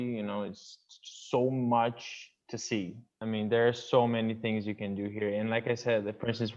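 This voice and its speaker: A young man with a Brazilian Portuguese accent speaks English as a second language, eager and loose, full of fillers and quick restarts. His voice sits at an ordinary middle pitch for a man. The video call audio sounds muffled and lo-fi. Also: a little mellow. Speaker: international student guest. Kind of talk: casual interview chat.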